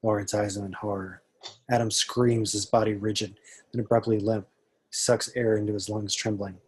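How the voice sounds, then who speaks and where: Low, flat, husky man reading directions. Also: normal speed. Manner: steady, even, matter-of-fact reading. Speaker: reader of stage directions. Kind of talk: amateur table read narration.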